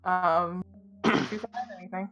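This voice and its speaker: A woman's voice: on the low side, a little slow, a bit bright. A woman narrating as game master of a tabletop game, talking in a hesitant way with many fillers.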